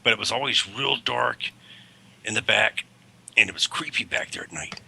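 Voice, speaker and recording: A man's voice: lowish voice, moderate pace, gravelly, sharp tone, slightly rough. A man who drives a school bus, telling rambling stories in a casual livestream chat and correcting himself as he goes. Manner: rambling, self-correcting anecdotes.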